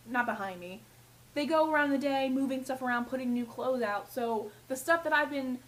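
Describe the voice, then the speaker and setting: On poor audio, a young woman with a high voice vents casually about the customers she deals with in her retail job. Her vlog rant includes swearing and plenty of impressions of those customers.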